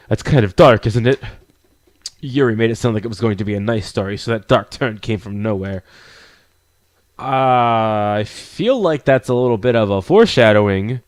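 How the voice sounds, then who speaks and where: A man reading a visual novel aloud as a let's player, adding quick asides between the narration. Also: fairly low pitch, darkish tone, clean tone, dry recording.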